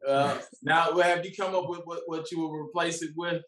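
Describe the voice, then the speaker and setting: A man's voice: fairly high pitch, steady tone, moderate pace, fairly bright tone, recorded from a distance. A man who is a comedian, chatting casually on a podcast and telling stories by acting out what people said. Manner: storytelling, acts out quotes. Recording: roomy, off-mic sound.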